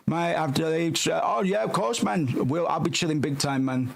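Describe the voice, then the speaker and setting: A man's voice: fairly high pitch, normal speed, gravelly. A man streaming a horror game, rambling casually and swearing as he plays along with the characters. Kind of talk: casual gameplay commentary.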